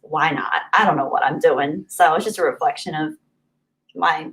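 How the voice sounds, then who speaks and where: A woman's voice: low-pitched, moderate pace, fairly bright tone, poor audio. A young woman chatting casually on a live stream, reading out viewer donations with frequent laughs and off-the-cuff asides.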